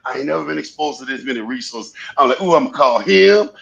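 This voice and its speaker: A man's voice: medium pitch, animated, fast talker, creaky, a bit bright, lo-fi sound. A man in his forties, a guest on a live panel, talking fervently and rambling, repeating his phrases as he goes. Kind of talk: casual panel chat.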